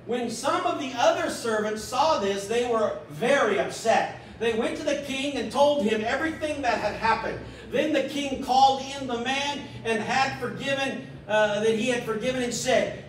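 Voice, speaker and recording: High-voiced pastor preaching in an echoey church. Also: male voice, normal speed, hardly any pauses, slight background noise. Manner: animated, acts out a scripture story in little voices. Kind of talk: sermon. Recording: echoey church room from a distance.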